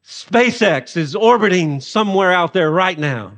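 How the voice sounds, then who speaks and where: A male pastor preaches with humor and a lively, animated manner. His voice sits high for a man. The sound carries a long reverb from a large hall. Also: normal speed, hardly any pauses. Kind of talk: sermon.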